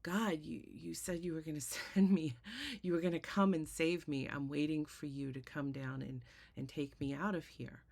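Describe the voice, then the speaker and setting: A woman voicing a frightened, stubborn man who begs God for rescue and insistently turns help away, in a low, gravelly voice. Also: steady tone, normal speed, a little mellow. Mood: desperate. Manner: pleading, insistent refusals.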